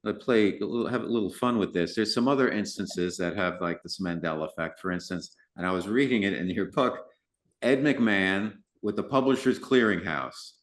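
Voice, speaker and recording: A man hosting an interview, asking questions in a halting way with many restarts. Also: low-pitched. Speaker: interview host. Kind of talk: casual interview.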